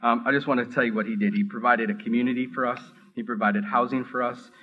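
A middle-aged man gives a heartfelt personal testimony in an earnest, halting way, stumbling over words and circling back as he speaks. His voice sits at an ordinary pitch, and the recording sounds a little dull and muffled. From Minneapolis area. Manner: earnest, halting, with many restarts and rising excitement. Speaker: seminary student giving testimony.

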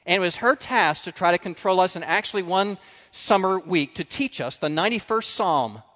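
A man preaching a sermon, telling stories with animated swings between loud and quiet. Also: high-pitched, normal speed. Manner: animated storytelling, drops to quiet confessional tones. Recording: long reverb of a large hall.

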